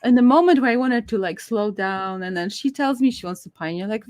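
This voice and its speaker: A woman guest telling a personal story in casual conversation, animated and laughing often, her voice jumping high when excited. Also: fairly quick, no echo, clean studio sound.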